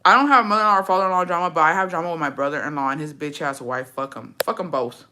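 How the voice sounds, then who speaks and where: Brassy woman vlogger, bright edgy voice, swears freely, playful attitude toward her besties. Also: low voice, racing. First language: English. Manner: brash, profane, sassy, talks to viewers as besties. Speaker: vlogger reacting to a story. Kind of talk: casual storytime chat.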